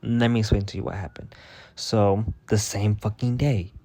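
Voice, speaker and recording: A man's voice: on the low side, steady tone, moderate pace, mellow. A man telling a workplace story in a casual, heated rant, swearing constantly and sounding fed up. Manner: profane, heated and exasperated. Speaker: vlogger.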